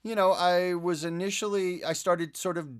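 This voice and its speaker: A man, a guest voice actor, talking through animated anecdotes in a casual studio interview, with plenty of fillers and restarts. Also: high-pitched, normal speed, smooth. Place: podcast studio.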